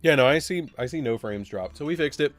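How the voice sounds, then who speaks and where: A man's voice: mid-range voice, animated, brisk. A man from Alabama with a Southern accent, rambling and joking with his chat while live-streaming a card game. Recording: dry with faint music behind.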